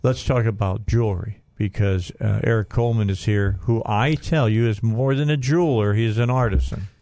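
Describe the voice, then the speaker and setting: A man's voice: on the low side, a little fast, mellow, dry recording. A man hosting a casual radio talk show, rambling and chatty, often trailing off and restarting his sentences.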